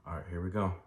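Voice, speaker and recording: A middle-aged man hosting a gun channel, doing casual reaction commentary and talking straight to the viewer. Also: sits low. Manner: animated, talks straight to the viewer.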